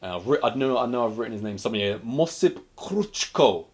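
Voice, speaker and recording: A man co-hosting a casual film review podcast, retelling plots in an animated way with frequent restarts. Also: medium pitch, fairly quick, slight background noise. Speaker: podcast co-host.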